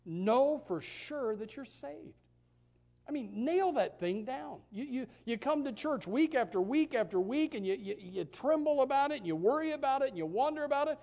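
A man preaching a sermon as pastor, with folksy asides and stammering restarts. He drops to a hushed voice when quoting God, then rises loud and emphatic. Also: very high-pitched, animated, moderate pace, vocal fry.

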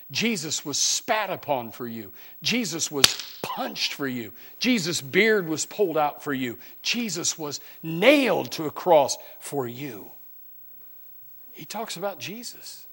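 A man preaching a sermon. His volume swings from loud, fervent stretches to hushed, intense passages, with many restarts and repeated words, and he reads scripture in old-fashioned wording. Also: a little high.

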